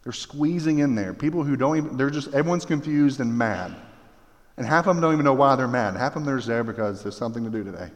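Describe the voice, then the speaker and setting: A man preaching a sermon in an animated way, with jokey asides and acted-out voices. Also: medium pitch, fast talker, long reverb tail. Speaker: pastor.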